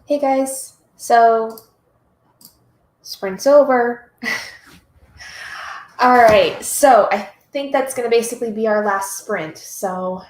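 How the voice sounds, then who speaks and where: Woman streamer, higher voice, gushing and emotional, echoey room. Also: extremely slow, long pauses. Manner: emotional, gushing, reads chat aloud. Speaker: streamer hosting reading sprints. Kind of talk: casual live-stream chat.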